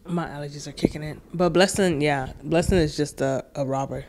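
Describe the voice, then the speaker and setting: A woman's voice: low voice, fairly even intonation, fairly quick, a little mellow, slight background noise. A young woman in casual chat as the oldest sister, jet-lagged, laid-back and slangy, swearing freely as she tells family stories.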